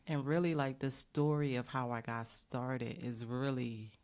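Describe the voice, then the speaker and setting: A woman's voice: extremely low pitch, steady tone, measured pace, a little mellow. A middle-aged woman from the United States, talking as a guest in an interview and telling an earnest story with many fillers. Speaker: bakery owner, guest.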